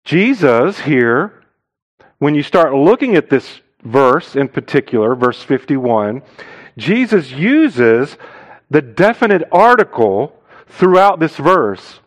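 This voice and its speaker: A man preaching a sermon as a missionary, stressing key phrases hard, dropping to quiet asides and putting rhetorical questions to the congregation. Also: sing-song, slow pace, poor audio. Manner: emphatic, swinging between loud stressed phrases and low quiet asides.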